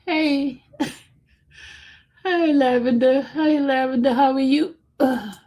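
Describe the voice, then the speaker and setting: Woman, livestream host, casual chat, laughs often, teasing, slow pace. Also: high voice, mellow.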